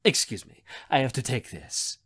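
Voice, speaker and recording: Man doing a suave, assured older manager in his fifties, genial and teasing, lively pitch, audiobook. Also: moderate pace, slightly rough. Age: 50s. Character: polished older male hotel manager, smooth and charming.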